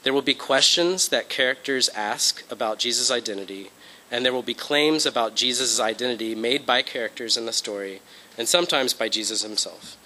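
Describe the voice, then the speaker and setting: A man's voice: medium pitch, brisk, bright, forceful tone, low-quality recording. A young man giving an informal Bible lesson, talking through his notes with fillers and "okay?" check-ins. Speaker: Bible study teacher. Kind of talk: informal lecture presentation.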